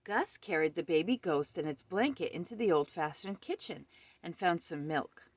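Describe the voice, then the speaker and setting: A woman reading a children's picture book aloud at home with expressive storytelling. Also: lowish voice, normal speed, slightly rough, no echo.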